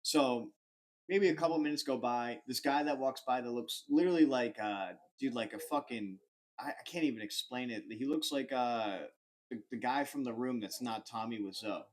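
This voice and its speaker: A young man hosting a podcast, telling a rambling, animated anecdote full of fillers and swearing. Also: medium pitch, normal speed. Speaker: podcast host. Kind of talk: casual storytelling.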